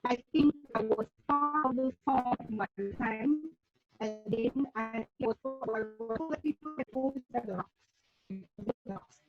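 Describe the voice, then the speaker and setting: A woman's voice: fairly high pitch, slow pace, music in the background. A South African woman chatting as a guest over a video call, rambling with lots of "like" fillers. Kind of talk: casual chat. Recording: dull lo-fi video call audio.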